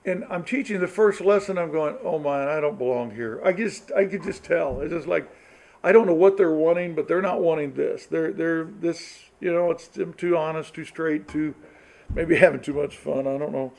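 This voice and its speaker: A man's voice: a little high, moderate pace, gravelly, a little mellow, poor audio. A middle-aged man speaking to a church marrieds group, telling folksy stories with laughs and acted-out quotes. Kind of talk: storytelling sermon talk.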